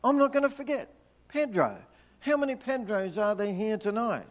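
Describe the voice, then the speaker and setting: A man's voice: sits high, expressive, normal speed. An older man, from Tasmania, preaching a storytelling sermon with chatty, humorous asides. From Tasmania, Australia. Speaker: visiting preacher. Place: church hall. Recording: long reverb of a hall.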